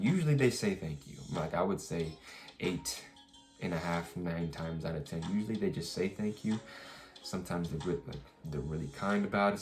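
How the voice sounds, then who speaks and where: A man's voice: deep voice, darkish tone. A young man telling a rambling, frustrated story about work in a casual vlog, with many restarts and some swearing. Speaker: vlogger.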